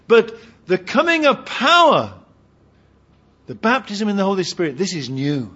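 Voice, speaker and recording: Preacher with ringing emphasis. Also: male voice, very animated, moderate pace. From Britain. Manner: emphatic, swings between loud ringing emphasis and low asides. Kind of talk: sermon. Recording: dull lo-fi sermon recording.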